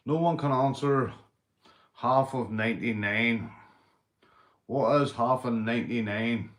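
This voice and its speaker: A Northern Irish man hosting a livestream, telling crude jokes, swearing and shouting out viewers. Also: mid-range voice, takes it slowly. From Northern Ireland. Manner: rowdy, swearing, joke-telling, reading viewer comments. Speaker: livestream host. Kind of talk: casual livestream chat.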